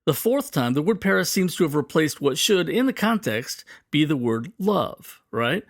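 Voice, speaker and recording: A man teaching a poetry lesson, explaining clearly and reading quoted lines slowly and dramatically. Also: a little high, sing-song, dry recording, clean studio sound.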